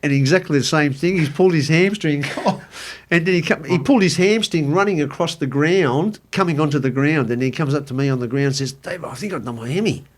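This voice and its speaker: A man's voice: a little high, brisk. A man, a former national team footballer, casually telling a story about a teammate. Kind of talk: casual chat.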